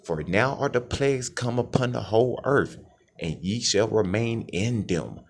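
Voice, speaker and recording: A low-voiced preacher with swooping pitch. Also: male voice, animated, a little slow, creaky. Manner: calls out "families", asks call-and-response questions. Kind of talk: scripture reading and preaching.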